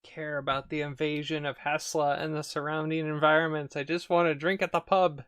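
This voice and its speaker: A woman's voice: sits low, flat delivery, brisk, hardly any pauses, clean tone. A woman streaming a text adventure game, dictating her typed commands word by word and laughing in disbelief at the results.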